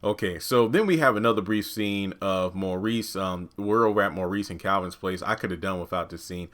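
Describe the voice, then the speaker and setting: A man's voice: brisk, a bit bright. A man giving a casual review of a TV episode, exasperated, ranting and swearing freely. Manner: jumps into quoted lines with raised pitch. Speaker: TV show reviewer.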